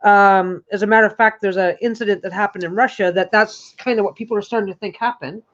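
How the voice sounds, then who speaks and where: A woman's voice: medium pitch, fairly even intonation, fast talker, a bit bright. A woman hosting a casual livestream chat from her couch at home, rambling and restarting her sentences often. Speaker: host. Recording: dull lo-fi recording.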